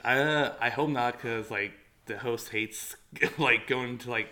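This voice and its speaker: A young man hosts a casual podcast with a bright, forceful voice. His talk is loose and full of fillers, and he swears and laughs easily. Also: mid-range voice, takes it slowly. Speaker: podcast host. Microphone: one shared mic among three.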